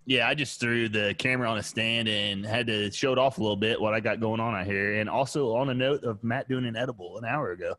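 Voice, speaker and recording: A man's voice: fairly low pitch, fast, few pauses, fairly bright tone, no room sound. A man guesting on a podcast, giving confident, opinionated sports takes. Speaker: podcast guest, co-host of another show. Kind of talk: casual podcast chat.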